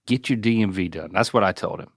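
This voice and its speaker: A man's voice: deep voice, fast talker, creaky, husky. A middle-aged man hosting a casual podcast chat, teasing and acting out quoted voices. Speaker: host.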